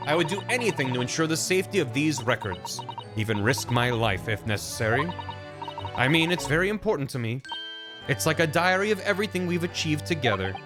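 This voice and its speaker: A man's voice: fairly high pitch, sing-song, fairly quick, music in the background. A man reading as a flustered young lawyer. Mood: earnest.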